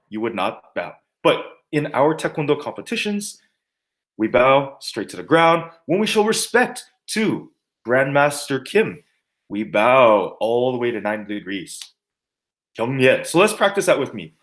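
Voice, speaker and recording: Animated man teaching martial arts terms. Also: mid-range voice. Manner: animated, jokey, sings and mimics to teach words. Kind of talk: teaching terminology with playful mnemonics.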